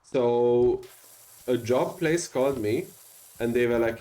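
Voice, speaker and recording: A man's voice: mid-range voice, fairly even intonation, normal speed, dark tone, poor audio. A man with a strong non-native English accent, chatting casually and rambling with many fillers while streaming a game. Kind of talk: casual gaming stream chat.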